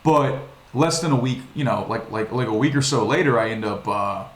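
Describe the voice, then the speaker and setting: A young man from Virginia talks straight to his viewers, swearing freely and starting his sentences over again and again. His voice sits at an ordinary middle pitch, and it carries a roomy echo from the space he films in. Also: moderate pace. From Virginia, USA. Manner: rambling, profane, frequent restarts. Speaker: vlogger. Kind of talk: casual storytelling monologue. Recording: echoey room.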